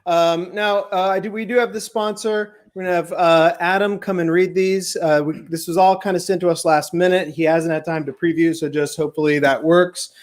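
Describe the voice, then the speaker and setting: A man hosting a comedy telethon, rambling and hesitant with a deadpan manner. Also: high voice, fairly quick, few pauses. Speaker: telethon host. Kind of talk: improvised comedy banter.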